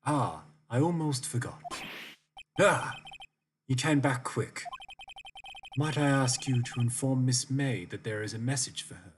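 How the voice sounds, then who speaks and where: A man's voice: medium pitch, expressive, a little slow, pauses often, slight background noise, close to an everyday voice. A man putting on a prim hotel bellboy. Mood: polite. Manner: stiffly formal, adds "sir" to every sentence. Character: fussy, overly polite male hotel bellboy. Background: video game music.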